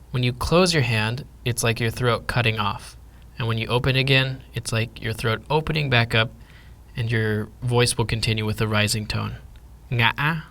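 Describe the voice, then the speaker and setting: A man teaching a pronunciation lesson, speaking deliberately and demonstrating each sound with care. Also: mid-range voice. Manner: slow, deliberate, modelling sounds. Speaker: language teacher.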